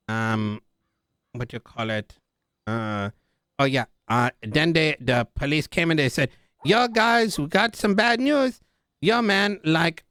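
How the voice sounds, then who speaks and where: A young man playing a roleplay character tells a long, rambling story, saying "like" and "dude" over and over as he acts out the other people in it. His voice sits a bit high for a man. The sound is close and dry, with no room around it. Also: fairly bright tone, smooth, no room sound.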